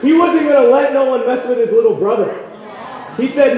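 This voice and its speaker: A man's voice: very high-pitched, moderate pace, dark tone. Passionate young man preaching in an echoey hall. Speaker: campus retreat speaker. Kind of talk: sermon with personal story. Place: large hall at a retreat. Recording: echoey hall, dull sound.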